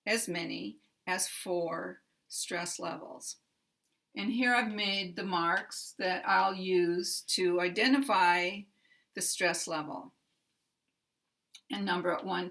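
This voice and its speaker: A woman teaching English pronunciation, explaining sentence stress in a careful, measured way. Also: on the low side, a bit bright. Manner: careful, measured delivery stressing words for demonstration. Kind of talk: slow, deliberate instructional explanation.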